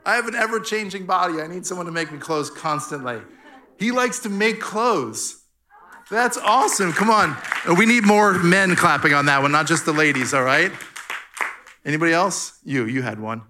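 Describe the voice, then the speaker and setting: A man's voice: a little high, moderate pace, noisy background. A man leading a Father's Day church talk, playfully teasing the congregation with questions. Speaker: church speaker. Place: church hall.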